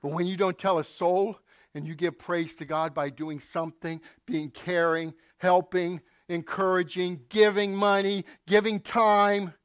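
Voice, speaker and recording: A man's voice: sits high, little pitch movement, a little slow, clean tone, dry recording, clean studio sound. A male pastor preaching a sermon, telling stories and acting out quotes with asides to the congregation.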